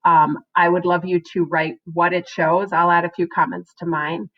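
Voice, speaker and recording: A woman with a fairly low voice teaches a writing lesson to her students. She speaks in an encouraging way, often adding "um" and asking "right?" to check in. The recording sounds dull and lo-fi. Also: flat delivery, moderate pace. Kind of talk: recorded online class lesson.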